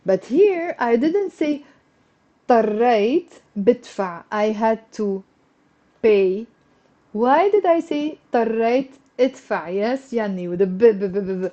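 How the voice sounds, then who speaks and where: Woman, Lebanese accent, slightly high mellow voice, live-stream language teacher drawing out replies, dull lo-fi sound. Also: expressive, normal speed. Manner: coaxing, asks for student replies. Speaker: Arabic teacher. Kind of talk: live online language lesson. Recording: dull lo-fi livestream audio.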